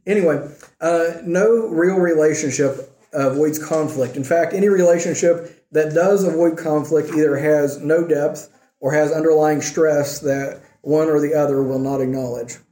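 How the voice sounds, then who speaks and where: A man's voice: on the high side, level tone, moderate pace, mellow, echoey room. A man teaching a church class on marriage, often asking the class questions and checking in with "okay" and "right". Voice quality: says he has trouble with R's.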